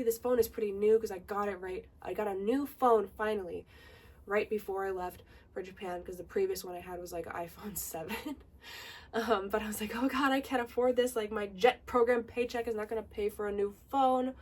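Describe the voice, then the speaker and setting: A woman's voice: medium pitch, a little fast, far from the mic. Chatty young woman telling a story. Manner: animated, chatty, many "like"s. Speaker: vlogger. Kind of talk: casual storytime while getting ready.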